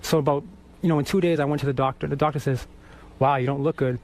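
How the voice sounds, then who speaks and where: A man in his thirties from Boston telling stories on a radio show, animated, swearing freely and laughing as he talks. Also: mid-range voice, fast talker. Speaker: guest musician. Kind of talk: casual storytelling on radio.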